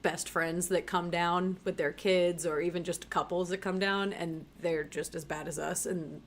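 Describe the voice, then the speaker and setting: A woman's voice: on the low side, steady tone, a little slow, slight background noise. A young woman from the northeastern US, a kindergarten teacher chatting as a podcast guest, giggly and full of "like". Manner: chatty and giggly, says "like" often. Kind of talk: casual podcast chat.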